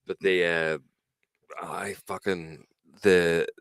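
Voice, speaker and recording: A man's voice: sits low, flat delivery, takes it slowly, no room sound. A man co-hosting a podcast, chatting casually and joking with sweary banter. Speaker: podcast co-host, music producer. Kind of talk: casual chat.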